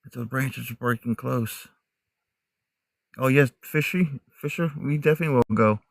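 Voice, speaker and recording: A man's voice: mid-range voice, moderate pace, vocal fry, dry recording. A middle-aged man with a mixed Midwestern, Southern and Northern American accent, chatting casually to livestream viewers outdoors in the woods and laughing often. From United States, raised in many states. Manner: chatty, talks straight to viewers, laughs a lot. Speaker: livestream host.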